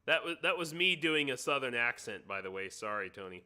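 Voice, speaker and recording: A man's voice: medium pitch, lively intonation, brisk, few pauses, sharp tone. An American man hosting a live stream, chatting casually and joking while he adjusts his sound setup. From United States. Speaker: livestream host. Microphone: computer mic on a live stream.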